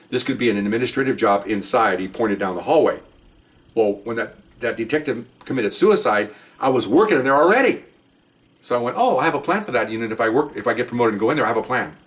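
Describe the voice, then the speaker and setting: An older man, a retired police officer, telling a rambling story in a casual monologue, jumping up into an excited voice when he jokes. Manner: rambling, animated, jumps into a high excited voice when joking.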